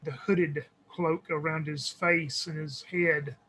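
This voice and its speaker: A man playing a tabletop game, describing his thief character deliberately. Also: on the high side, fairly even intonation, pushed and bright, slightly rough, poor audio. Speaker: player.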